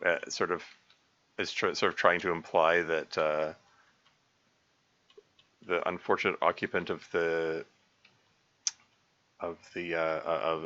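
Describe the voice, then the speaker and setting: In lo-fi sound, a man with a low, pushed and bright voice narrates his gameplay stream in a laid-back let's-play style. He wanders from thought to thought, restarting sentences, filling gaps and chuckling quietly.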